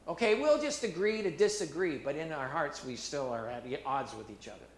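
A man preaching a sermon as pastor, animated and emphatic, repeating himself and restarting phrases as he drives his points home. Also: a little high, fairly quick, echoey room.

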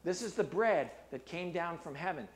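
Guy preaching a sermon, kinda high voice, goes quiet and low for scripture then gets loud and excited. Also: moderate pace. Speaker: pastor.

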